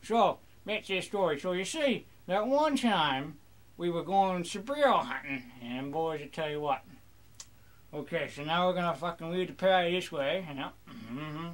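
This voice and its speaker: High-voiced young man clowning as a pirate. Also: expressive, moderate pace. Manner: rambling, crude, joking in a mock pirate voice. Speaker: gamer. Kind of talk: casual gameplay commentary.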